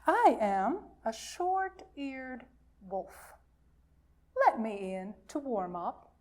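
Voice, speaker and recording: A woman voicing a cold wolf in a folktale read aloud, speaking slowly and evenly. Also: fairly high pitch, sing-song, darkish tone, full character voice. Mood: asking. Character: cold short-eared wolf seeking shelter. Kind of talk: storytelling for all ages.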